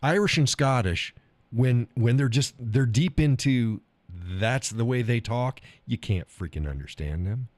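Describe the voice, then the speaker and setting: A man's voice: medium pitch, lively intonation, unhurried, darkish tone, no room sound. A man hosting a live stream, chatting casually about viewer comments, rambling, repeating himself and chuckling often.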